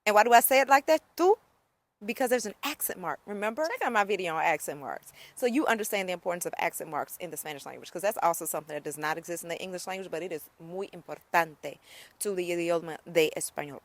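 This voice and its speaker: A woman's voice: mid-range voice, dry recording. A woman giving a casual video lesson on Spanish, upbeat and chatty, often checking in with "okay?" and "right?". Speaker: Spanish teacher.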